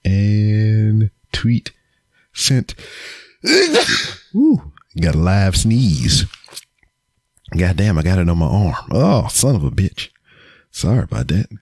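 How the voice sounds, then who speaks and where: A man's voice: sits low, a little mellow, no room sound, studio quality. A man hosting his own podcast, talking casually to camera and cursing through a joking roast. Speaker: podcast host. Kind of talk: casual solo podcast segment. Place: home recording setup on camera. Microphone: camera with mic.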